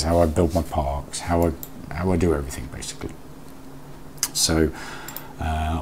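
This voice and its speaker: Male streamer, deep voice, easygoing chat with viewers, thinks aloud, faint background noise. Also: darkish tone. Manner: chatty, reads and answers chat aloud, mutters while working. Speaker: live streamer. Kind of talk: casual live-stream chat while building in a game.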